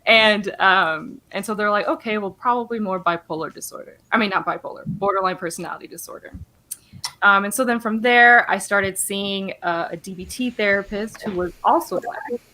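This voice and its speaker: A woman's voice: medium pitch, normal speed, sharp tone. A young adult woman guest on a video call, speaking casually with many fillers and frequent laughs. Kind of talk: casual interview talk.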